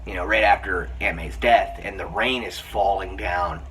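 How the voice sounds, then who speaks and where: A man giving a casual spoken film review, retelling scenes in an excited, rambling way with many restarts. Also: sits low, normal speed, few pauses. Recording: slightly distant mic, faint room hiss.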